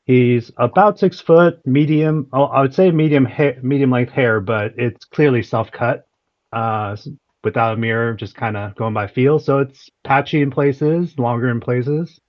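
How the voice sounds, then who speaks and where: A man's voice: mid-range voice, a little slow. Hesitant man describing his character. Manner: hesitant, many uh fillers. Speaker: player. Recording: dull online call audio.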